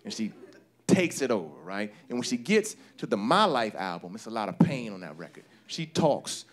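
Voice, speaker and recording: A man doing a stand-up comedy routine on stage, talking in an animated way and jumping into high-pitched voices to act out people. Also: moderate pace. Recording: live show with audience laughter. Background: audience laughter.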